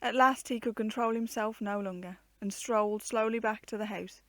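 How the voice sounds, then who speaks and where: A woman reading a children's storybook aloud with an expressive, varied storytelling delivery. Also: medium pitch, normal speed, no echo.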